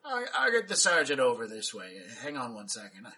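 A man's voice: medium pitch, wildly swooping pitch, fairly quick, sharp tone, breathy edge, heavily acted. A man voicing a dim orc desk cop. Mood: gruff. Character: gruff male orc desk officer, dim.

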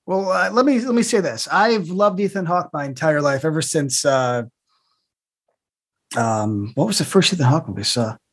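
A husky-voiced co-host chatting casually, lively and quick to act out little quotes. The talk often stumbles into stammering restarts before rushing on. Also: medium pitch. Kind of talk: casual chat.

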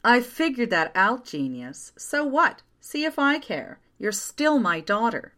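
A woman's voice: on the high side, sing-song, measured pace, bright, forceful tone, voice pushed up, full character voice. A woman reading a story aloud and voicing a grudging, huffy middle-aged mother with a sarcastic edge.

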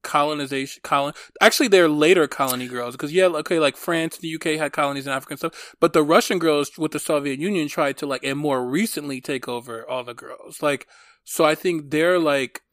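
A man talks in a loose, gossipy way, slipping in camp slang and plenty of filler words. His voice sits a touch high for a man. The sound is dry and close, with no room around it. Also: a little fast, dry recording. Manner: animated, gossipy, heavy use of 'like' and camp slang. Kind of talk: casual chat.

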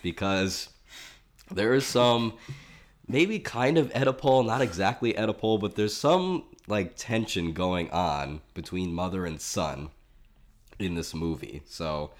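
A man with a very low voice talks through a film in casual podcast chat. He is analytical and steers the conversation, weighing each point before moving on. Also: lively intonation, slow pace. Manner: analytical, leading the discussion.

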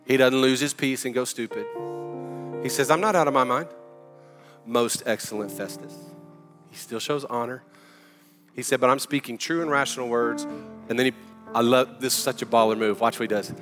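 A man preaching a sermon in an energetic, emphatic, conversational way. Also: mid-range voice, fairly quick, long pauses, long reverb tail, music in the background. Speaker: pastor.

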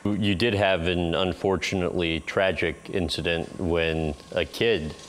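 A male interviewer who recaps his guest's past in measured sentences before asking his questions. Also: sits low, steady tone, slight background noise.

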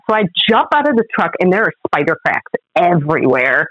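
Animated woman telling a story, muffled. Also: lowish voice, a little fast, hardly any pauses, no room sound. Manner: lively, animated storyteller who acts out the other people's lines. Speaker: podcast guest. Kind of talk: storytelling in a casual interview.

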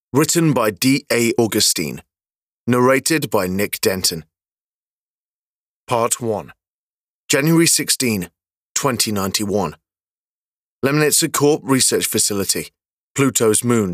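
A man narrating an audio story in a steady, measured scripted reading. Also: mid-range voice, no room sound, clean studio sound.

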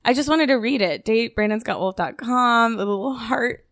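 A woman's voice: a little high, normal speed, fairly bright tone, no echo, studio quality. A woman co-hosting a casual podcast who talks chattily and laughs easily. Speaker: podcast co-host.

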